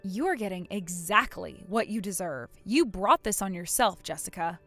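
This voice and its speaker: A woman's voice: mid-range voice, animated, normal speed, a bit bright, no echo, soft background music. A woman voicing a cold, furious young wife who scolds her sister-in-law without mercy. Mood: stern. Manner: stern, scolding, unforgiving.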